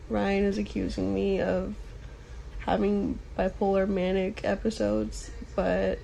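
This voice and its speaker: A young woman with a dark, gravelly voice talks into her phone on a live stream, halting and near tears. The clip carries faint background noise. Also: medium pitch, level tone, low-quality recording. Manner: tearful, halting. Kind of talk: emotional live-stream confession.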